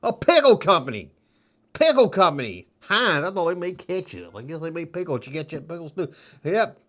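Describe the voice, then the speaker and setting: A man's voice: a little high, very animated, moderate pace. A middle-aged man hosting a casual show-and-tell vlog, rambling with jokes and nostalgic asides. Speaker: toy collector host.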